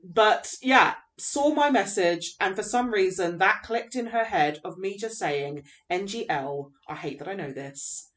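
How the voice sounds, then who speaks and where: A woman's voice: medium pitch, animated, a little slow, hardly any pauses, fairly bright tone. English woman, podcast co-host, easy mid-range voice, dry teasing humour. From England. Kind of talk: casual chat.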